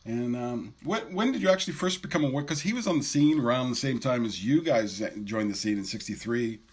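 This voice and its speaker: 50s guy, bit husky voice, mid pitch, eager podcast host asking questions. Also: expressive, brisk. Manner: eager, friendly fan. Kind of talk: interview.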